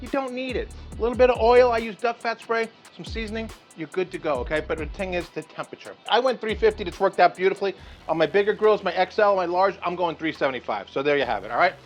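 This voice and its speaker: A man's voice: high-pitched, animated, fast. A man hosting his cooking vlog outdoors at a grill, chatty and enthusiastic, often checking in with "okay". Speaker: cooking show host. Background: rain and light music.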